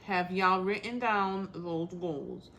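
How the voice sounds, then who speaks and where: A woman's voice: on the low side, slow, a bit bright. A woman hosting a casual crafting livestream, talking bluntly and straight to the point while calling out viewers by name.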